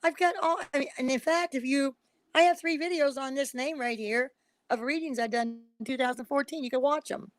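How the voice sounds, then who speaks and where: High-voiced woman, emphatic and pleading. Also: a little fast, dry recording. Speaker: psychic reader, guest on a live stream. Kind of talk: emotional casual live-stream talk.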